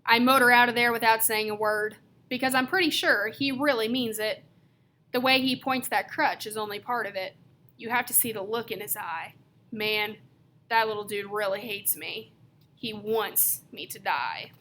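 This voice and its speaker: A woman narrating a first-person audiobook, telling it in the loose, slangy voice of a teenage boy. Her tone is bright and set somewhat high, with a faint hiss of background noise. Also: normal speed.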